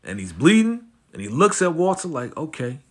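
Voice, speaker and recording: Slangy man recapping a TV episode. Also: fairly high pitch. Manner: animated retelling, acts out characters' lines in quick snippets; slangy, conversational, lots of "you know" and "right?". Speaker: TV recap host.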